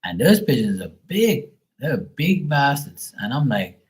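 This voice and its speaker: A man chatting casually on a tarot livestream, telling stories in a profane, animated way. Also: medium pitch, unhurried, rough recording. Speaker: tarot reader.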